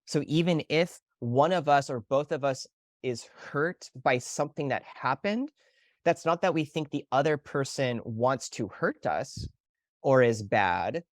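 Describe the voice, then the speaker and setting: A man co-hosting a podcast, talking through relationship ideas in a steady, thoughtful way. His voice has a mid-range pitch. The recording is dry and close, with no room sound. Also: dry recording. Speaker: podcast co-host, relationship therapist. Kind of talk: casual explanatory conversation.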